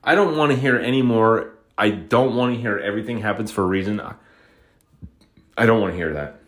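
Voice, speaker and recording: Man from Utah, lowish voice, rambling profane solo rant, fed up. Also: brisk, fairly bright tone. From Utah, USA. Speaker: podcaster.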